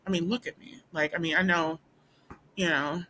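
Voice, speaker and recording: A woman student talking straight to camera in a casual vlog, emphatic and full of rhetorical questions, with a voice that is not deep. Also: fairly even intonation, moderate pace, pushed and bright, a little hiss or hum. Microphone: camera or phone facing speaker.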